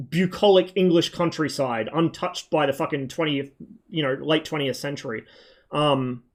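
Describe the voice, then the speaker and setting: A man in his thirties from Australia, chatting loosely with viewers on a game stream, rambling and swearing a lot. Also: fairly high pitch. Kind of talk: casual chat on a game stream.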